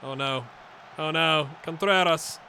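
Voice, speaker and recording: A middle-aged man giving live gameplay commentary on his football management game, swinging from low mutters to excited shouts. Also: slow pace, gravelly, a little hiss or hum. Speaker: gaming YouTuber.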